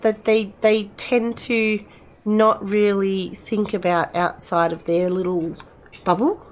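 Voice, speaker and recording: A woman's voice: medium pitch, fairly bright tone. A middle-aged woman, chatting casually with her live-stream viewers in a rambling way, full of restarts.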